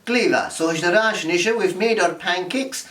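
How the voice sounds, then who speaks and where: A man leading a playful online lesson for children, slowly sounding out simple phrases syllable by syllable. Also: high voice, a bit bright. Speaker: Gaelic workshop teacher. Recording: roomy sound from a distance.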